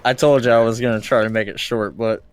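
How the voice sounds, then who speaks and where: Profane, animated male storyteller. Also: medium pitch, fast talker, slight background noise. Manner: profane storyteller acting out quotes. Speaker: podcast co-host. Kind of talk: casual podcast chat.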